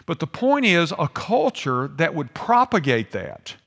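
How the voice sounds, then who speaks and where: An older man preaching a sermon, swinging between hushed and emphatic delivery. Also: on the high side, huge pitch swings, unhurried, creaky. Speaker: pastor. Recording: long hall reverb.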